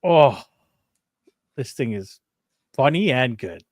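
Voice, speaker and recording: A man co-hosting a casual chat show, telling lively stories and acting out what people said, laughing often. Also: mid-range voice, takes it slowly, no echo, studio quality. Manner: animated storyteller, acts out quotes, laughs often. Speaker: co-host of a toy and anime show.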